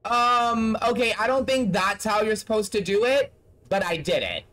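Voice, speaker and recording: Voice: medium pitch, animated, moderate pace, fairly bright tone. A game streamer giving casual live-stream commentary while playing, swearing often and venting frustration at the game. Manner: profane, exasperated running commentary.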